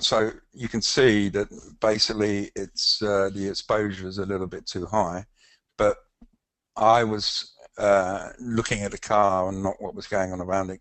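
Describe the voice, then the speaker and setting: An older man with a London accent, a professional photographer giving a casual, halting webinar demonstration with frequent fillers. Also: fairly low pitch, a bit bright, no echo.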